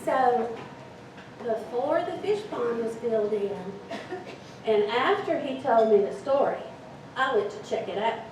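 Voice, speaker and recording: A woman telling a story live on stage, with an animated, dramatic delivery. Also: a little high, unhurried, long pauses. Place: event hall with audience. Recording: echoey hall, distant mic, noisy.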